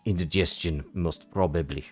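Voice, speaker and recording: A man's voice: mid-range voice, very animated, unhurried, soft background music, pitched above the performer's own voice. A man voicing a flamboyant con-artist count in a hammy put-on Italian accent, with a theatrical, grand manner. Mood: smooth, theatrical.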